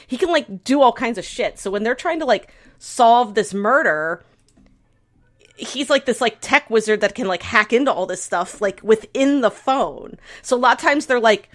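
Chatty woman podcaster, rambling recap. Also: a little high. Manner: rambling, heavy use of "like", animated retelling. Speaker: podcast co-host. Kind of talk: casual chat, recapping a drama.

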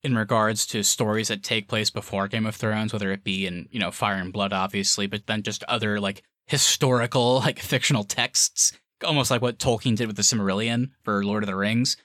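Casting: man, podcast co-host, bright forward tone, dry close mic, rambling fan chatter. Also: fairly low pitch, fairly even intonation, brisk, hardly any pauses, dry recording. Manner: chatty, rambling, with many fillers and laughs. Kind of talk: casual fan discussion.

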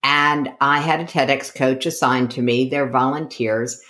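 A woman's voice: rumbling low, fairly even intonation, unhurried, fairly bright tone. A middle-aged woman from the United States, a coach being interviewed, who tells her story with energy and acts out the dialogue she quotes. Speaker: guest, coach.

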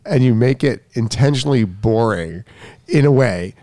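A coach in a casual discussion, a man who interjects quickly and thinks out loud. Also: mid-range voice, animated, dry recording.

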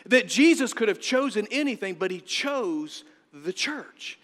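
A middle-aged man preaching a sermon as pastor, emphatic, swinging between loud and hushed. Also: high-pitched, very animated, measured pace. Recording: long hall reverb.

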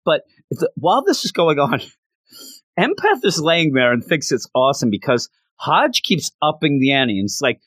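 A man giving a casual recap of a story, animated and often restarting his sentences. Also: a little high, normal speed, no echo. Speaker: comic book commentator.

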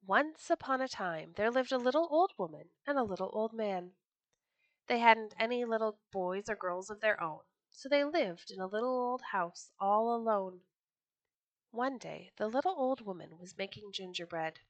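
A woman reading folk tales aloud for a storytelling podcast, expressive and lively. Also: mid-range voice, moderate pace, dry recording, highs cut off.

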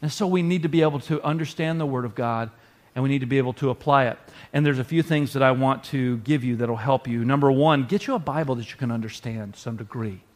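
A man's voice: mid-range voice, fast. A man preaching a sermon to his congregation in a conversational, earnest way. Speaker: pastor.

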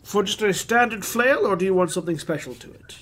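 A man's voice: high-pitched, expressive, fast talker, fairly bright tone, slight background noise. A man voicing a fire-breathing male blacksmith who sells weapons and names prices in a businesslike way. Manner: businesslike, haggling salesman.

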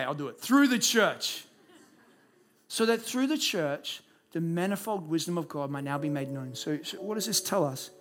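A man preaching a conversational sermon at a church service. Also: high-pitched. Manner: conversational, rhetorical questions. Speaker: pastor.

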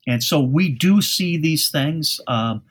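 A man's voice: fairly high pitch, expressive, takes it slowly, husky. A man speaking as a guest expert on a cleaning podcast, telling anecdotes in a folksy way with frequent restarts. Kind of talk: podcast interview storytelling.

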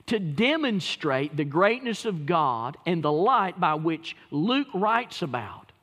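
A man's voice: very animated, takes it slowly. Dynamic preaching man in a reverberant hall. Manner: dynamic preaching, swings from hushed to booming. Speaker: pastor. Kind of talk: sermon.

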